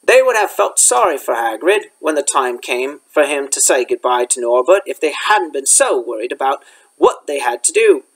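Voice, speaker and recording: A male schoolteacher reading a children's novel aloud in an expressive storytelling manner. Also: medium pitch, normal speed, poor audio. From United States. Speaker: teacher.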